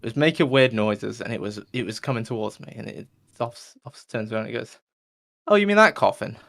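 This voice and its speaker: A podcast host with a lowish voice and vocal fry tells a long, rambling joke at a quick pace, his intonation fairly even. He keeps it loose and casual, filling the comedic story with whooshing sound effects.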